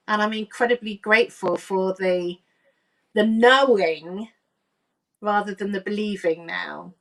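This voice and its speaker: A woman, a medium and coach, telling a deeply personal story in an earnest, emotional way and acting out remembered dialogue. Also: fairly bright tone, recorded from a distance.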